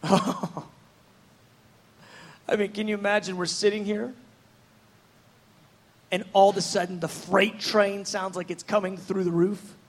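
Guy preaching a sermon, really high voice for a man, fired up and chatty, wanders off on tangents. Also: level tone, measured pace, pauses often. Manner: fervent, conversational and rambling.

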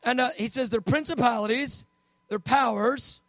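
High-voiced man preaching a casual sermon. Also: fairly bright tone, dry recording. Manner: conversational storytelling, emphatic slow stresses.

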